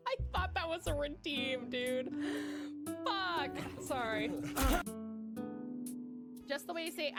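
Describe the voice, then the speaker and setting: A woman's voice: sits high, lively intonation, a little slow, long pauses, loud music behind the voice. A woman from Tasmania chatting on a live stream while drawing, giggly and bubbly as she greets viewers. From Tasmania, Australia.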